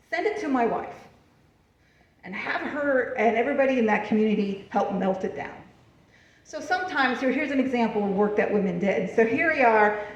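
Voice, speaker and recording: A woman lecturing on history at a library event, chatty and lively, laughing often and checking in with the audience as she moves through her slides. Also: fairly high pitch. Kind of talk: public library talk with slides. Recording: far from the mic, roomy and dull.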